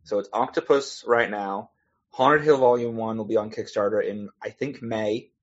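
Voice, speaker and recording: Husky-voiced man telling rambling stories. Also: fairly low pitch, steady tone, moderate pace. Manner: rambling, laughing storyteller with frequent restarts. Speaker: podcast guest, comic author. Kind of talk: casual chat. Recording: dull lo-fi podcast audio.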